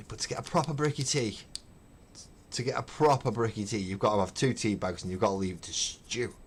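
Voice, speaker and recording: Slight background noise sits under this middle-aged hobby host's voice, which is on the low side and fairly quick. He chats casually while painting on his livestream, emphatic, opinionated and swearing as he rants.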